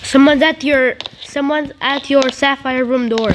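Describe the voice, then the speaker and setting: High-voiced playful young gamer girl. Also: steady tone, measured pace. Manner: chatty, silly, repeats herself. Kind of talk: playful gameplay commentary. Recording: noisy home recording.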